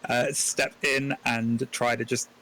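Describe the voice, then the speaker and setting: A man's voice: medium pitch, level tone, takes it slowly, pushed and bright. A man playing a tabletop game, describing his actions in a rambling way full of "sort of". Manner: rambling, lots of "sort of", chuckling. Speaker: player. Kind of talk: casual tabletop play.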